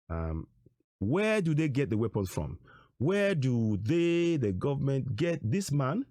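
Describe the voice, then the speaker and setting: A man's voice: mid-range voice, big pitch swings, slow pace, warm tone, no echo, studio quality. A man giving emphatic online commentary on material shown on screen, repeating his rhetorical questions and phrases. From Nigeria. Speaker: political commentator.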